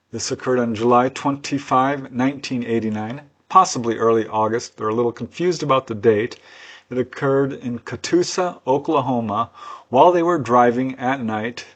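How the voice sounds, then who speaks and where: A man presenting case studies as a researcher, telling each story in an earnest, conversational way with personal asides. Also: medium pitch. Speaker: UFO researcher and author presenting cases. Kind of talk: unscripted storytelling narration.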